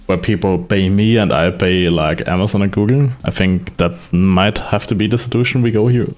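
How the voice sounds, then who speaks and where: Man, very low voice, casual, hesitant, dry wry tone. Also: normal speed, darkish tone, soft background music. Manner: hesitant, wry, many fillers. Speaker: streamer and developer. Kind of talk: casual chat.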